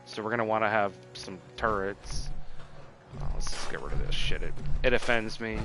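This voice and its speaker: A man's voice: fairly low pitch, normal speed, music in the background. A man streaming a video game, chatting casually in a rambling, profane way and often cutting himself off, a little tipsy from drinking. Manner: rambling, profane, self-interrupting. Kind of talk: casual gameplay commentary.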